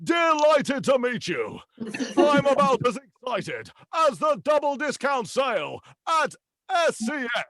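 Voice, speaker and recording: A man imitating a grand, dramatic male TV show announcer with drawn-out, theatrical delivery, on a video call. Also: very high voice, very animated, fairly bright tone, no echo, pitched above the performer's own voice, full character voice. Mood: grandiose.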